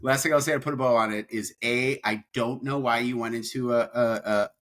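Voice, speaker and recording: A man's voice: medium pitch, fairly even intonation, a little fast, fairly bright tone. A man co-hosting a podcast in casual chat, rambling and repeating words as he talks. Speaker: podcast co-host.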